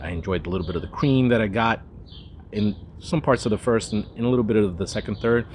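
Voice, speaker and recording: With a voice on the low side, a man chats his way through a casual cigar review, wandering into asides and restarting often. The recording carries a little hiss or hum.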